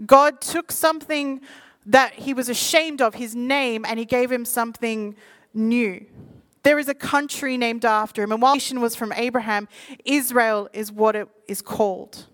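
Woman preaching a lively, casual sermon. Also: on the high side. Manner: reads scripture quickly, then explains in lively casual talk. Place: in front of a live audience.

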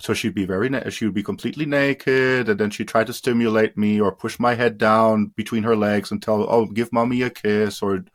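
Low-voiced man, halting and subdued. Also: steady tone. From India. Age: adult. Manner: halting, frequent fillers and restarts; subdued, trailing off quietly. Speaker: interview guest. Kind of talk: personal testimony in an interview.

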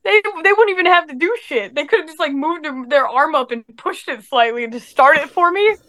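High-voiced woman telling a rambling story. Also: animated, brisk, bright, forceful tone. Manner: rambling storyteller, laughs often. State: sick. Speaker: podcast co-host. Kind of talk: casual chat.

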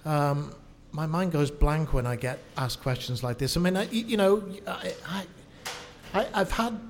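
Halting, higher-voiced man telling stories. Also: slight background noise. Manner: halting, searches for words, storytelling. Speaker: guest, horror actor. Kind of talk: casual chat. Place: coffee shop, live podcast.

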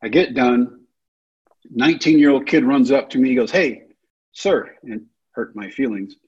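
A man's voice: medium pitch, normal speed, darkish tone, breathy edge, muffled recording. A man, telling his life story and acting out the other people's lines. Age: 30s. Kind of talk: storytelling talk.

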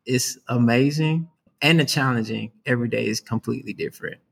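A man with an average pitch talks in an easy, conversational way. He sounds upbeat and earnest, and he drops "man" and "right?" into nearly every sentence. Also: a little fast, vocal fry, slight background noise. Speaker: youth worker, guest. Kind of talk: conversational interview.

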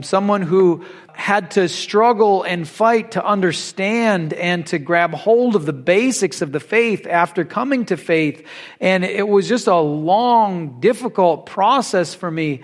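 High-voiced man preaching a sermon. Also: measured pace. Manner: conversational, animated storytelling with Bible reading.

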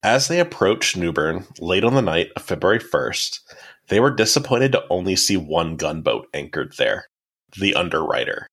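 A man's voice: deep voice, sing-song, moderate pace, a bit bright, slightly rough. A man hosting a podcast, telling a history story in a casual, explanatory way with dry asides. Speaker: podcast host.

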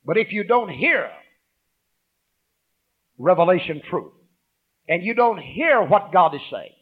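A man preaching a sermon. He calls out to the congregation, swings from loud emphasis to hushed asides, and reads scripture aloud. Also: high voice, big pitch swings, takes it slowly, pauses often, husky, dull audio.

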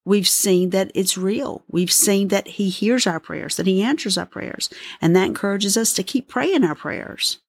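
A middle-aged woman offers a heartfelt devotional talk to her podcast listeners, earnest and gently pleading. Her voice carries a gravelly edge at a middling pitch. The sound is close and dry, with no room around it. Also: unhurried, hardly any pauses, no echo. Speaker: podcast host.

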